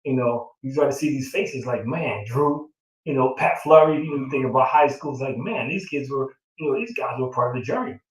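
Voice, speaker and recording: A man's voice: mid-range voice, expressive, fairly quick. A middle-aged man, a proud father, telling a long heartfelt story in casual chat, with many fillers and an emotional tone. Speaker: father of the groom. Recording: roomy sound from a distant mic.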